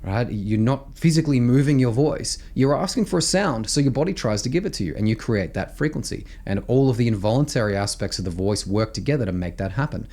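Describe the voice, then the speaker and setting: An Australian man teaching voice technique, explaining exercises in an animated, emphatic way and often checking in with "right?". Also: mid-range voice, fairly quick, hardly any pauses. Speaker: vocal coach. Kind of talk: instructional explanation with sung demos.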